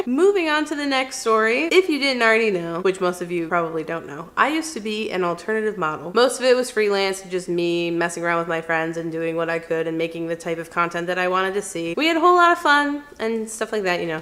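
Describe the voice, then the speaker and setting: A woman's voice: mid-range voice, a bit bright. A woman vlogger telling true stories in a chatty, casual way, laughing often and acting out the voices of others. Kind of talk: casual storytime.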